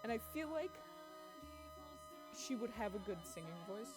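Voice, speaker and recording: A woman's voice: fairly high pitch, lively intonation, unhurried. A woman streamer chatting casually and laughing as she talks through character ideas. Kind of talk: casual chat while drawing. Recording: music playing behind. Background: background music.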